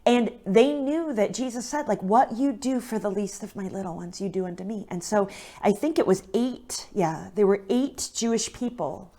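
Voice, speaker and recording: A woman's voice: mid-range voice, normal speed, warm tone. Earnest woman telling a faith story. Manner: earnest and emotional, many fillers and "right?". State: near tears at times. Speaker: guest speaker. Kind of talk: casual faith talk, storytelling.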